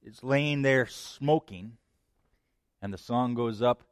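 A man pastor preaching with emphatic force, his pitch and loudness swinging dramatically from phrase to phrase. He sits in the middle of the typical male range. The recording is dry and close, with no room echo. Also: slow, clear, resonant tone. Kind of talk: sermon.

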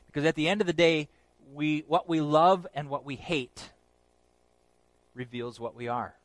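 A man's voice: measured pace, no echo, poor audio. Emphatic preacher man, dry close sound. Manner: earnest, emphatic, drops to a hushed low voice on key phrases. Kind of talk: sermon.

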